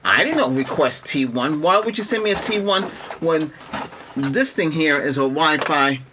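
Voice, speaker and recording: A man's voice: a little high, animated, moderate pace, background noise. A middle-aged man rambling in an exasperated, casual rant as a tech vlogger, restarting his sentences often. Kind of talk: casual ranting vlog.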